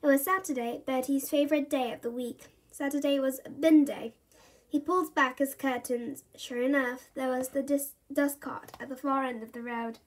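A woman reading a children's storybook aloud in an animated, expressive way. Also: sits high, moderate pace. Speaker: storybook reader.

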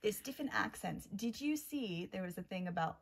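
A woman's voice: medium pitch, lively intonation, fairly quick, creaky, slightly rough. An American woman co-hosting a casual chat, playful, laid-back and teasingly contrary. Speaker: podcast co-host.

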